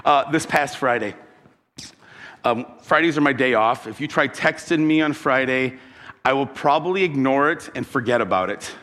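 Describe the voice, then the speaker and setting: A man's voice: mid-range voice, moderate pace, a bit bright. Man preaching a story-filled sermon in a reverberant hall. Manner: conversational preaching with personal stories, asks the congregation questions. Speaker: pastor.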